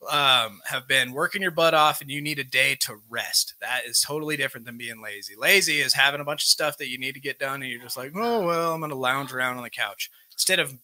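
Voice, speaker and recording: A man's voice: mid-range voice, fast talker, hardly any pauses, pushed and bright. A man hosting a live recovery group, plainly reading out character defects from a workbook and explaining each one. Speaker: recovery meeting host. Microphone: live stream microphone.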